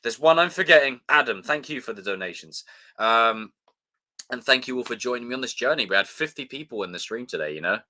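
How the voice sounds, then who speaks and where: A young livestream host signs off with loose, casual chat, swearing and thanking viewers by name. His mid-range voice is animated, bright and forceful, moving fairly quickly.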